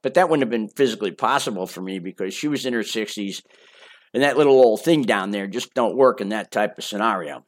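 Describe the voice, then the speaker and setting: A man's voice: fairly low pitch, a little fast. An older man reading his own memoir as an audiobook, in a casual, chatty and boastful storytelling manner. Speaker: memoir author.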